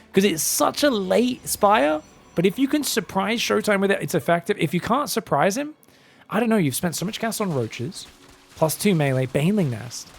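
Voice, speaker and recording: A man casting a live esports match with chatty, joking play-by-play. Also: on the high side. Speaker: esports caster. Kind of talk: live game commentary.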